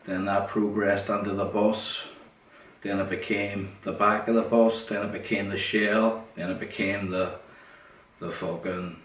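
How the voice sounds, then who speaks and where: A man's voice: lowish voice, little pitch movement, a little slow. A middle-aged man with a Derry accent, hosting a podcast and telling long rambling stories, blunt and swearing, often repeating himself. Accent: Northern Irish, Derry. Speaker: podcast host. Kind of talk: rambling storytelling monologue. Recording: roomy, distant, faint noise.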